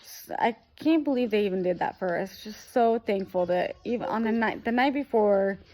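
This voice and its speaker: A woman's voice: mid-range voice, normal speed, mellow. A young woman vlogger retelling a hard weekend in a rambling, emotional way, full of fillers. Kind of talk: casual storytelling.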